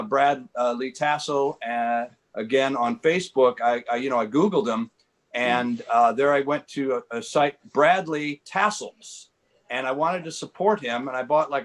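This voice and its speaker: A man in his sixties telling comic stories over a video call, rambling and halting with lots of fillers and dry, self-mocking punchlines. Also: mid-range voice. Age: 60s. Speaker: comedian guest. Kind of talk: stand-up storytelling.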